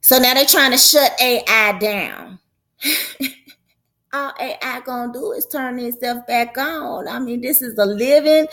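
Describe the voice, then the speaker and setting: A woman's voice: high voice, fairly bright tone. A woman prophetess hosting her own show, giving a casual religious talk in a folksy, conversational way with a preaching lilt.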